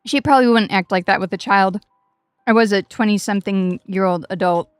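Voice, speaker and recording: Chatty swearing woman streamer, smooth voice. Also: medium pitch, fairly quick, dry recording, faint music behind. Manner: chatty, swears freely, self-mocking. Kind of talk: casual storytelling while gaming.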